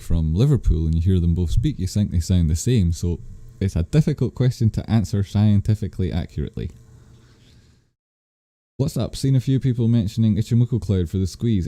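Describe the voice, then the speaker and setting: A man's voice: sits low, mellow. A man hosting a live stream, casually answering viewers' chat questions in a rambling, self-correcting way. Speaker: livestream host answering chat.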